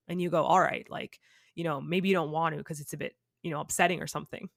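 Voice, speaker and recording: A woman's voice: low voice, fairly even intonation, quick pace, vocal fry, dry recording, studio quality. A woman guest on a podcast, talking candidly in a chatty, rambling way with many fillers. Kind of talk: candid conversational interview.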